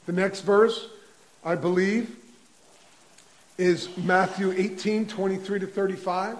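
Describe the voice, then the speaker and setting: A man's voice: high voice, steady tone, low-quality recording. A male preacher giving an impassioned sermon, retelling a parable and pressing his point with repetition. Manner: impassioned, builds to near-shouting with quick repetitions.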